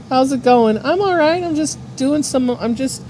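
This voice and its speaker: Woman streamer, casual chat, loose and filler-heavy, slightly high voice. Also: animated, unhurried, warm tone, a little hiss or hum. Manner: rambling, filler-heavy, swears and laughs a lot. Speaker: art streamer.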